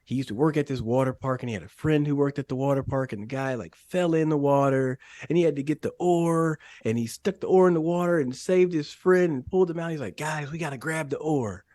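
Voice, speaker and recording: A man, a former pro football receiver, tells stories on a podcast with lots of laughter and sudden jumps in pitch. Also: fast, hardly any pauses, no echo. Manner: animated storyteller, laughs often, sudden rises in pitch. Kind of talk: casual podcast chat and storytelling.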